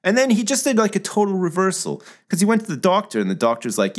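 A man's voice: high voice, huge pitch swings, fast talker, hardly any pauses. A man telling a rambling, profane story to his co-host in casual banter.

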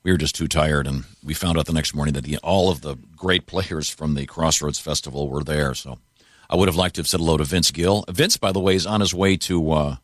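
A man's voice: very deep voice, brisk, fairly bright tone, no echo, studio quality. A man hosting a radio show, joking through casual banter with his co-hosts and chuckling between his lines. He often trails off with fillers.

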